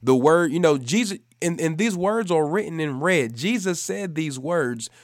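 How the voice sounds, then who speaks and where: A man preaching a devotional sermon for a podcast, emphatic and repeating key phrases for stress, speeding up and slowing down to drive points home. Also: a little high, expressive, dry recording, studio quality.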